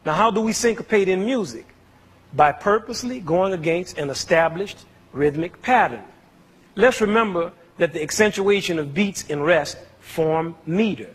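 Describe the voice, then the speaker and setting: In a concert hall with lengthy reverb, a man delivers a playful music lecture full of spoken demonstrations, cracking jokes and counting out beats. His high voice is animated, with a breathy edge and a moderate pace.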